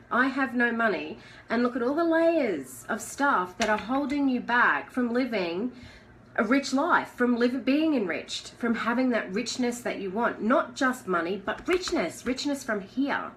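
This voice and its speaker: A woman's voice: a little high, sing-song, a little slow, a little hiss or hum, low-quality recording. A woman giving a casual live coaching talk in a chatty, conversational way, asking the listener questions. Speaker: life coach.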